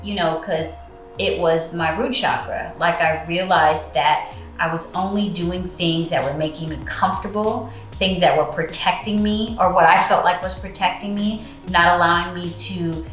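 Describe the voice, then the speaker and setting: A woman telling a personal story in casual chat, relaxed and full of fillers. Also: on the low side, moderate pace, reverberant, soft background music. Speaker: co-host.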